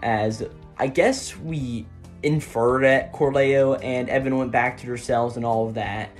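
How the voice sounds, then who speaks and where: A man's voice: medium pitch, measured pace, soft background music. A man giving a casual, rambling recap of a manga chapter, with many fillers, often tagging his sentences with "right?". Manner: rambling, filler-heavy, tags lines with "right?". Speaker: manga reviewer.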